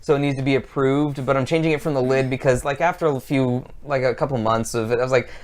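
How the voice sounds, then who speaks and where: A man's voice: mid-range voice, steady tone, quick pace. A man hosting a casual livestreamed podcast, meandering through explanations with lots of fillers and plugging the channel. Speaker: podcast host.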